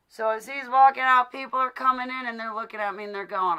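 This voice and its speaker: A woman's voice: a little high, quick pace, hardly any pauses, clean tone. A woman talking straight to the camera in a casual rant, emphatic and indignant, laughing now and then. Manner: emphatic and indignant, swings from loud to quiet; laughs between remarks. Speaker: vlogger. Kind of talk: casual ranting monologue.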